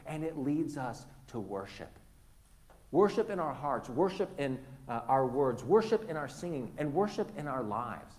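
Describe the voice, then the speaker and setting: A man preaching a sermon in a church, his voice sitting a little high for a man. He speaks earnestly and at times sinks to a near whisper to press a point home. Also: animated, normal speed, darkish tone. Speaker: pastor. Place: church sanctuary.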